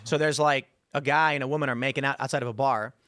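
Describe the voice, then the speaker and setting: Fast-talking male talk show host. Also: mid-range voice, no echo. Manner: fast, animated storytelling with quoted voices. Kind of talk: casual panel talk show.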